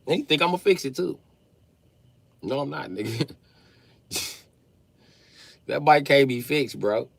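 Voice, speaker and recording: A gravelly, medium-pitched voice, a little slow with long pauses and no echo, comes from a man in his late thirties. He tells animated, profane, comic stories on a livestream, breaking into laughter mid-story.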